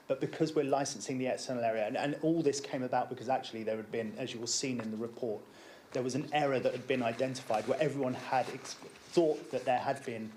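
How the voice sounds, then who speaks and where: Man, mid-pitched, measured explanation, faint hiss behind. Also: darkish tone. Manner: measured, repeats words when starting sentences. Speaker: applicant at a licensing hearing. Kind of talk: formal explanation at a council hearing.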